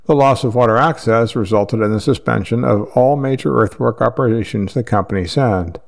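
A man's voice: mid-range voice, creaky. Man reading news articles aloud. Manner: steady, measured reading with occasional slips. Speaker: news reader.

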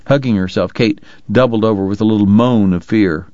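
Low-voiced male audiobook narrator. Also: fairly quick, few pauses, darkish tone, dry recording, lo-fi sound. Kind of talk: scripted narration.

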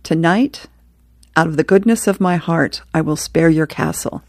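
A woman's voice: low voice, moderate pace, a little mellow, no room sound, clean studio sound. A woman reading aloud the lines of a boastful viking chief from a comic strip.

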